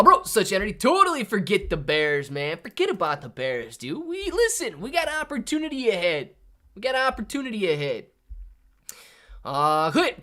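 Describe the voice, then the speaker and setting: A man hosting a live stream, reading viewer messages aloud in casual, slangy chat. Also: fairly high pitch. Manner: animated, slangy, says "man" and "dude" often. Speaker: livestream host reading chat.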